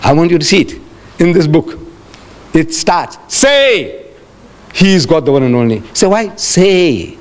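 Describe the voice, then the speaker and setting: A man delivers a religious lecture with lively storytelling, asking his listeners rhetorical questions as he goes. His voice sits a little high for a man. He acts out the quoted voices and jumps sharply up and down in pitch. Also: normal speed. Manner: addresses audience directly, rhetorical questions.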